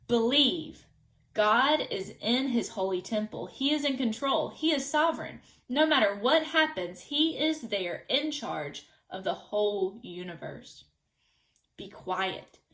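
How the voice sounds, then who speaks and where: Slow, measured woman reading a devotional. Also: fairly high pitch, a bit bright, rough recording. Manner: measured, reads scripture aloud. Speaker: devotional teacher.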